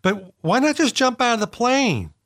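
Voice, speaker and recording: A man co-hosting a casual chat show, cracking deadpan jokes. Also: extremely high pitch, normal speed, no room sound, clean studio sound. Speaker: podcast co-host.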